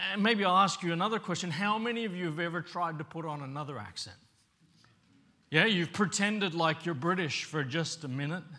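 Bright-voiced male preacher telling stories. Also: high-pitched. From Papua New Guinea. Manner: conversational, asks the congregation questions. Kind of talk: storytelling sermon.

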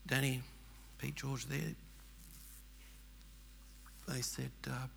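Gravelly older Australian man. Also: mid-range voice, normal speed, fairly bright tone, slight background noise. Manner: earnest, rambling, emphatic. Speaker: churchgoer telling his story. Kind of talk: personal testimony storytelling.

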